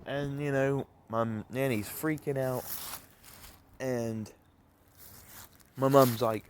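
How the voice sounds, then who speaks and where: A man's voice: medium pitch, steady tone, slow pace, pauses often, slight background noise. A man casually telling a rambling story to the camera, with many fillers and restarts. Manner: rambling, filler-heavy retelling. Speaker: vlogger.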